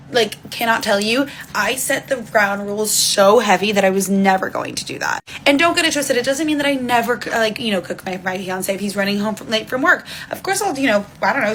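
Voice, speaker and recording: A woman's voice: on the high side, fairly bright tone, a little hiss or hum, low-quality recording. A woman speaking her opinions in a casual monologue, firm and matter-of-fact, repeating points for emphasis. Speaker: social media commentator.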